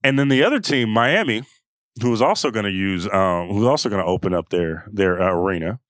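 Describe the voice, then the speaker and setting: A young man co-hosting a sports podcast, talking fast and heated, often restarting his sentences. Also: on the low side, expressive, a bit bright, no room sound. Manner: impassioned, ranting with many restarts. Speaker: podcast co-host. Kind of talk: casual sports chat.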